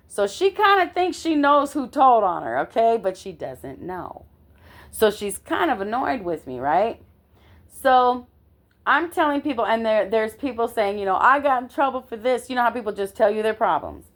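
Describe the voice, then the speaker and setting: A middle-aged woman telling a personal story in an animated way, often checking in with the listener. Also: on the high side, normal speed. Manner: animated, constantly checks in with "okay?".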